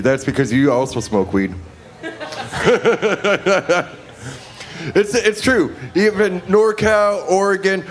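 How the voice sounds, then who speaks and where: A man doing a rambling, self-mocking stand-up set. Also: fairly high pitch. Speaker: stand-up comic. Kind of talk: stand-up routine.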